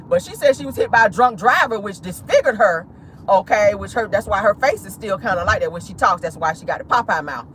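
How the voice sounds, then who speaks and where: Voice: medium pitch, fairly bright tone, slight background noise. A vlogger and host giving sassy celebrity gossip commentary from a car, laughing often.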